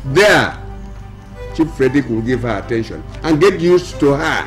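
An actor with a Nigerian accent playing a village elder announcing a decision to a council. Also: male voice, mid-range voice, faint music behind, lightly acted. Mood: solemn. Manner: measured, lively pronouncements. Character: authoritative village elder passing judgment.

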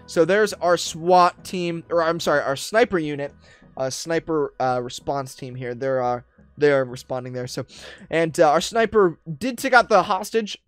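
High-voiced excitable man barking orders. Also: normal speed, smooth, no room sound, soft background music. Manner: excitable, barking commands, rambling with fillers. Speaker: roleplay YouTuber. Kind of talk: gameplay roleplay commentary.

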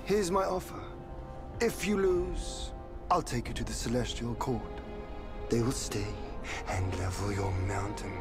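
A man's voice: medium pitch, unhurried, natural voice. An actor playing a proud celestial male general in a video game, speaking in a formal, composed and lofty manner. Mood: lofty calm. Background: game music.

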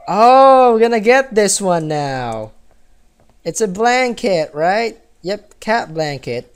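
A man's voice: high voice, sing-song, slow pace, clean tone. A man from the Philippines casually commentating a game, chatty and giggly, reading the game's text aloud. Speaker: gaming let's-player.

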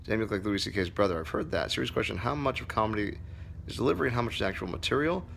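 A man's voice: lowish voice, lively intonation, rapid-fire, creaky, a bit bright, a little hiss or hum. A man who teaches comedy, hosting a casual livestream Q&A, reading viewer comments aloud in a loose, profane way.

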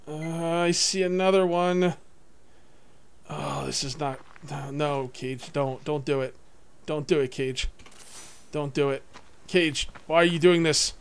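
A young man giving casual gameplay commentary to viewers, excitable, swinging from muttering to whooping. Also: fairly high pitch, a little slow, slight background noise. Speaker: let's play gamer.

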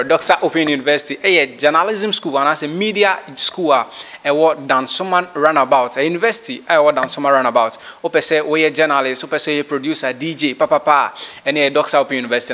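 A man's voice: a little high, bright, forceful tone. A man with a Ghanaian accent hosting a casual discussion, mixing English and Twi with many halts and restarts. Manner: switches between English and Twi, halting. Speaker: host.

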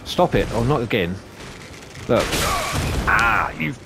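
A man commentating his own gameplay, swearing and shouting at enemies as he plays. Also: medium pitch, takes it slowly, creaky, heavy background noise. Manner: sweary, excitable, talks to enemies. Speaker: gaming YouTuber. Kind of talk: let's play commentary. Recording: game music behind voice.

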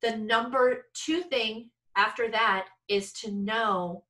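A woman's voice: a little high, steady tone, slow pace, sharp tone, rough recording. A middle-aged woman, a speech-language pathologist, talking casually to fellow clinicians with frequent restarts and self-deprecating asides over a video call.

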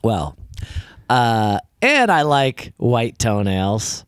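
A man's voice: medium pitch, very animated, very slow, smooth, dry recording, clean studio sound. A man co-hosting a video reaction show, making easygoing, wry remarks. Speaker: co-host reacting to music videos. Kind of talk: casual reaction chat.

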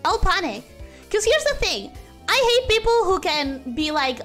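A woman's voice: very high voice, measured pace, faint music behind. A young woman streaming while she draws, chatting casually and rambling, often cutting herself off mid-sentence. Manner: rambling, self-interrupting, animated. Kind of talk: casual chat while drawing.

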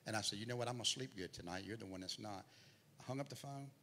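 Speaking quickly in a lowish, bright, forceful voice, a middle-aged man preaches his testimony as guest preacher in a church sanctuary. His voice surges and falls as he tells it, and the clip has hall reverb plus faint noise.

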